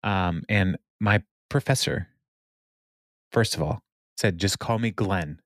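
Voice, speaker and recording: A man's voice: low-pitched, takes it slowly, a bit bright, dry recording, studio quality. A young adult man casually recapping a TV episode, laughing often and retelling scenes with quoted lines. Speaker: podcast co-host.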